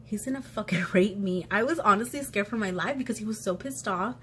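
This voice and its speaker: A woman's voice: mid-range voice, fairly quick, a bit bright, a little hiss or hum. A young woman vlogger telling a personal story in a casual, chatty way, full of "like" fillers and blunt swearing. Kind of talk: casual storytime while eating.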